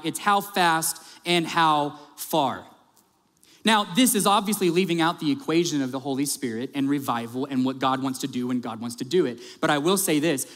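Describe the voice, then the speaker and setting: A male pastor preaching a sermon, emphatic, speeding up and slowing down, dropping low on key words. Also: fairly bright tone. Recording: long hall reverb.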